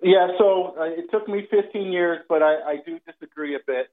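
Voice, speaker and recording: A male caller on a tinny phone line, with a slightly high voice. He talks hesitantly, stopping often for fillers as he lays out his point. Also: moderate pace.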